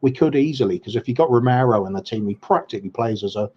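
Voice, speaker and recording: A man's voice: medium pitch, expressive, fast, a little hiss or hum. Hesitant man chatting football, dull sound. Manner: hesitant, lots of ums and restarts. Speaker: podcast co-host. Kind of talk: casual football chat.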